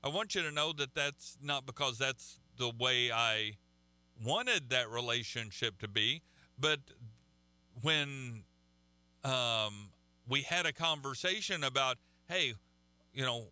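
A man preaching a sermon in a halting, conversational way, often repeating words as he goes. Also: mid-range voice, pushed and bright, clean tone, no room sound.

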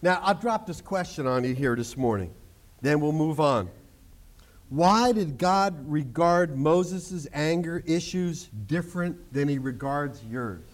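A man preaching a sermon to his congregation, animated, joking and acting out the people in the story. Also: fairly high pitch, unhurried. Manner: animated preaching with jokes and acted-out quotes. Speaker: pastor.

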